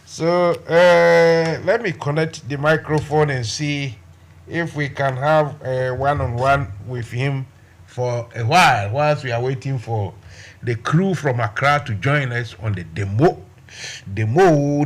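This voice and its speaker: A man hosting a night-time talk radio show in a relaxed, hesitant way. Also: medium pitch, slow.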